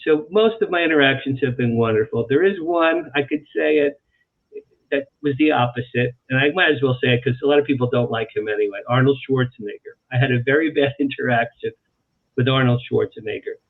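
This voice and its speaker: A man, an author guest on an interview show, telling animated anecdotes and repeating phrases for emphasis. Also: mid-range voice, fairly quick. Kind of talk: storytelling in a talk-show interview. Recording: tinny phone-like line.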